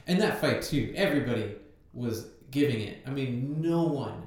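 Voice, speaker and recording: A man's voice: medium pitch, lively intonation, moderate pace, darkish tone. Man heard from afar in an echoey room. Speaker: podcast participant. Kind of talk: casual chat. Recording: very echoey room, distant mic.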